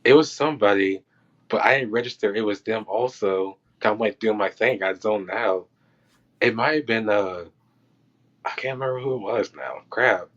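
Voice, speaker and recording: This podcast guest is a film crew worker sharing laid-back anecdotes from set, performing the lines and reactions as he goes. He speaks at a moderate pace in a lowish, slightly bright voice, captured on a dull, lo-fi recording.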